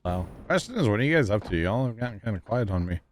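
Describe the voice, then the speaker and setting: Low-voiced man chatting on a game stream. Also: big pitch swings, quick pace, a little hiss or hum. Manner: chatty, rambling, thanks viewers and laughs easily. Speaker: livestreamer. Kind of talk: casual gaming livestream chat.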